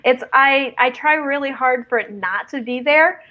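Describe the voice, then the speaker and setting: A woman's voice: sits high, normal speed. Midwestern-twanged woman hosting a lo-fi stream. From Southern Indiana, US. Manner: chatty, reads audience comments aloud. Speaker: host of a writing stream. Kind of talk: casual live-stream chat.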